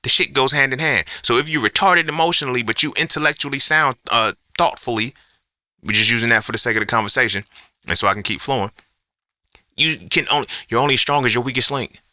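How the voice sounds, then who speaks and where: A man's voice: medium pitch, fast talker, pushed and bright, dry recording, clean studio sound. A man hosting a podcast alone, ranting in a profane, emphatic way and throwing out rhetorical questions in an unscripted monologue. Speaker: podcast host.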